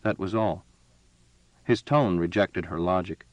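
A man reading a science fiction story as narrator, measured and steady. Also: low-pitched, no room sound, low-quality recording. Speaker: audiobook narrator. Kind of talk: scripted narration.

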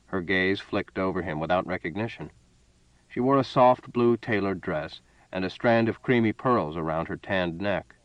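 Low-voiced man narrating a story. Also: normal speed, dry recording, muffled recording. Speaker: audiobook narrator. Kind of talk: scripted narration.

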